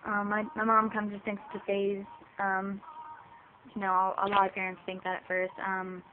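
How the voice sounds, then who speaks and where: This teenage vlogger, seventeen years old, speaks at normal speed in a monotone, medium-pitched voice as she talks to the camera for her personal vlog. She is hesitant, with lots of ums and restarts, and the audio is tinny and lo-fi with hiss.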